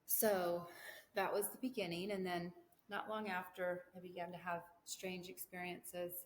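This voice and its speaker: A woman's voice: on the low side, flat delivery, a little slow. A middle-aged woman hosting a video podcast, telling a personal story casually, rambling, breaking off her own thoughts and laughing between them. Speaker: podcast host. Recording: echoey room, faint background hum.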